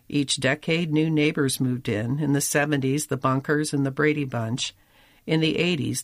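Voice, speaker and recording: A man's voice: a little high, creaky, a bit bright, no echo. Dry, close-miked male feature narrator. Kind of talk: scripted narration of a magazine feature.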